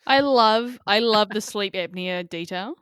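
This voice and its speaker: A woman co-hosting a podcast, chatting casually with quick jokes. Her pitch sits in the middle range. The sound is dry and close. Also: a bit bright, clean tone, no echo. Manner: joking, quick asides. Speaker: podcast co-host. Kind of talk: casual chat.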